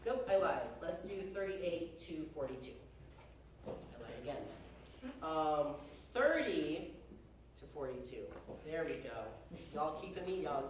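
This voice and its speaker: A man's voice: on the high side, very animated, measured pace, slight background noise. Young male band conductor, very echoey. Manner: chatty, joking, uses y'all. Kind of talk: rehearsal instruction. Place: rehearsal room with a band. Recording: very echoey hall from far off.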